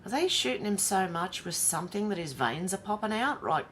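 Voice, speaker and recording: Australian woman, livestream host, chatty commentary, medium pitch, faint rumble behind. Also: sing-song, fairly quick, a bit bright. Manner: chatty, reads comments aloud and reacts with laughs.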